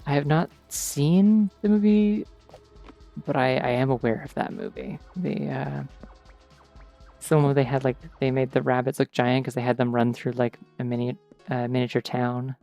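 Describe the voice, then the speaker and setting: Here a man streaming a game rambles casually and digressively, filling gaps with "like." His mid-range voice is level, creaky and a little mellow at a normal pace, with faint game music behind.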